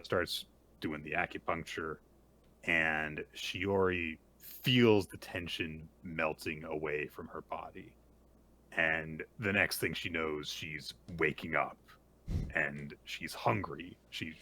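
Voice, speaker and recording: A man casually recapping a manga chapter as a podcast co-host, retelling the story in a lively way. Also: very deep voice, a little slow. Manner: animated retelling with small acted quotes.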